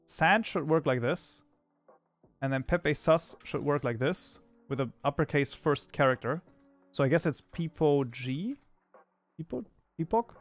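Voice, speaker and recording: A chatty German man, whose first language is German and whose voice sits a little high, livestreams while coding as a programming tutor. In casual stream chat he reads messages aloud and mutters while debugging.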